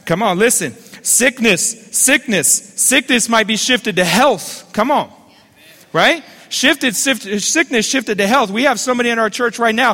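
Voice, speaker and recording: Man, pastor, fervent sermon, call-and-response, sharp bright voice, long church-hall reverb. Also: high voice.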